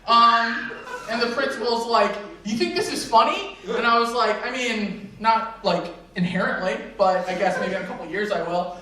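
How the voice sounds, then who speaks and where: A man's voice: high-pitched, steady tone, moderate pace, bright, forceful tone. A man telling a rambling, self-mocking stand-up story at an open mic, laughing at his own jokes. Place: convention panel room. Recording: echoey room heard from a distance.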